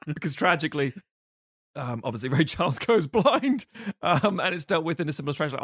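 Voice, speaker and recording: A man's voice: fairly high pitch, a little fast, slightly rough, no room sound. A man talks films on a podcast, his slightly raised voice bouncing as he re-enacts scenes and laughs along. The sound is dry and close, with no room around it. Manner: animated, recounts scenes acting out quotes and laughing. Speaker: podcast co-host. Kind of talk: casual film chat.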